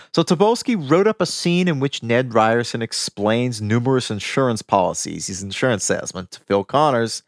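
A man co-hosting a podcast, sharing film trivia in an enthusiastic, animated way and laughing often. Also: medium pitch, no room sound, clean studio sound. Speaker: podcast co-host. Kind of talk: casual film-trivia chat.

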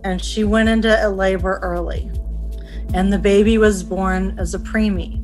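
A woman's voice: medium pitch, steady tone, moderate pace, a little mellow, soft background music. A middle-aged woman being interviewed, recounting past events in a chatty, emotional way and acting out what people said. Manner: emotional, chatty, acts out remembered dialogue. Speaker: interviewee, mother of the story's subject.

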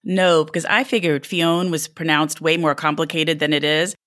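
A woman's voice: sits low, steady tone, moderate pace, a bit bright. A woman hosting an interview, asking curious, friendly questions. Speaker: interview host. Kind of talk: casual interview chat.

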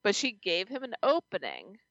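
A woman co-hosting a podcast in casual chat, blunt and quick to swear, laughing often. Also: mid-range voice, wildly swooping pitch, a bit bright, dry recording, dull audio. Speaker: podcast co-host.

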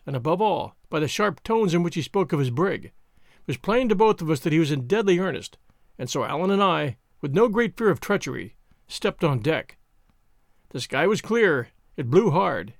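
Male audiobook host, gravelly texture, slightly higher voice, dry close sound, steady expressive reading. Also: moderate pace, no room sound. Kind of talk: audiobook narration.

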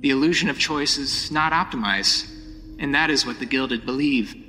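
A man's voice: medium pitch, moderate pace, pushed and bright, close to an everyday voice. A game master voicing a creepy, coldly polite male robot villain who lectures. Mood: lecturing. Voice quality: cold, eerily polite, lecturing. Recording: long reverb, faint hiss.

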